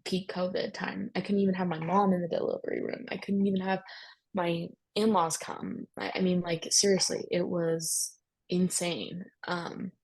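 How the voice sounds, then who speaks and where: Husky candid young woman, low gravelly voice. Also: flat delivery, moderate pace, darkish tone, low-quality recording. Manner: candid, talks in bursts with many fillers. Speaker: guest sharing her story. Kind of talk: casual personal storytelling.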